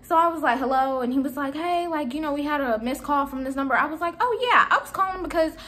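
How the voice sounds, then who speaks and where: A young woman in her twenties casually retelling a story to her viewers, animated and exasperated, acting out the dialogue. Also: high voice, fast talker. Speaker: vlogger telling a storytime.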